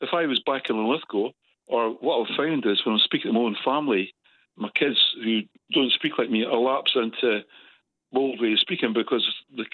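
A man's voice: medium pitch, brisk. A Scottish man in his seventies calling into a radio phone-in, forthright and opinionated. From Scotland. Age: 70s. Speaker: caller. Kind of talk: phone-in call. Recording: tinny phone line.

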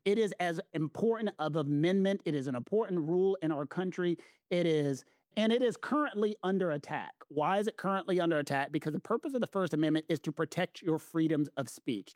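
A man with a Southern US accent explains the law to his co-host in an emphatic, lecturing way, repeating phrases for stress. His voice sits high for a man. The recording is dry, with no room sound. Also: darkish tone, no room sound. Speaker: legal commentator co-host. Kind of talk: casual explanatory chat.

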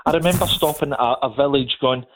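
A man's voice: medium pitch, fast talker, slight background noise. A middle-aged man from Scotland with a Scottish accent, telling stories in a casual, chatty way and laughing as he goes. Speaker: guest. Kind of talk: casual storytelling chat. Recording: tinny phone line.

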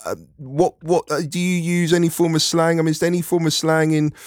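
A man's voice: on the high side, flat delivery, brisk, no echo, clean studio sound. A man presenting a radio phone-in, talking in a friendly, casual way with a few hesitations. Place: radio studio.

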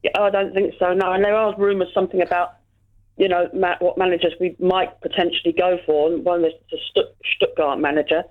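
A woman's voice: fairly low pitch, level tone. Woman talking football over a phone line. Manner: halting, full of fillers and restarts. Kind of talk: casual football chat.

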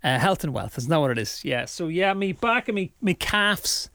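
A man's voice: on the high side, sing-song, moderate pace, bright, forceful tone, dry recording, studio quality. A man with a Northern Irish accent, chatting casually on air as a radio presenter, rambling and self-mocking. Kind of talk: casual chat.

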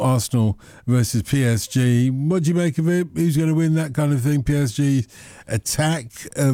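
A man's voice: medium pitch, mellow, no echo. A man hosting a sports radio phone-in from a studio, chatty and playful with jokey asides. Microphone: studio microphone.

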